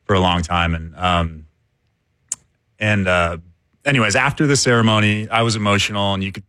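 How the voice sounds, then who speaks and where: Man, baseball broadcaster, low voice, rambling with restarts, dry close mic. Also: steady tone, moderate pace, clean tone, dry recording. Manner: rambling, repeats words, warm storytelling. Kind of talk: casual sports radio chat.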